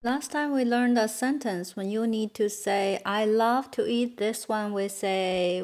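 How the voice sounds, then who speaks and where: A woman with a Chinese accent, a native Chinese speaker, teaching a beginner language lesson and patiently repeating words slowly for learners. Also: medium pitch, darkish tone.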